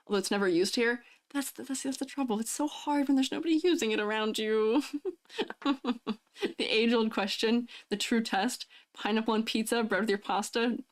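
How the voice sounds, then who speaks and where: A woman streaming live, chatting casually and reading out chat messages, laughing often between lines. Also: a little high. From United States. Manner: giggly, chatty, answers chat messages aloud.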